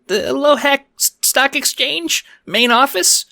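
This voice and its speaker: A man voicing a timid, squeaky little crocodile bank teller in a fan audio drama, talking in nervous stammers. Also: animated, slow pace, creaky, bright, forceful tone, exaggerated voice. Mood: flustered.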